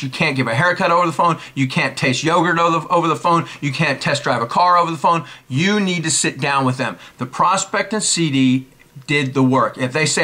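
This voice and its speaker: Guy in his 40s teaching prospecting, bright forceful voice, kinda high, hammers every point twice. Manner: brisk, emphatic, repeats key points. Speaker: network marketing coach. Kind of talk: casual instructional talk.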